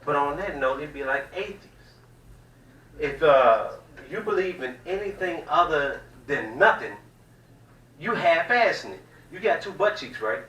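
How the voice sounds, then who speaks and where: Loud, profane stand-up comic from the South. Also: male voice, on the high side, lively intonation, a little slow. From American South. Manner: loud, profane, rambling storytelling. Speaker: stand-up comedian. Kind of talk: stand-up comedy set. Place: small cafe comedy room. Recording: echoey room, mic at a distance.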